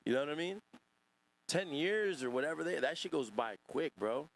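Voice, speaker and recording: A man's voice: on the high side, lively intonation, normal speed, gravelly, a little hiss or hum. A man hosting a casual livestream podcast, rambling and profane as he reads and answers chat. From Northern California. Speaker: podcast host.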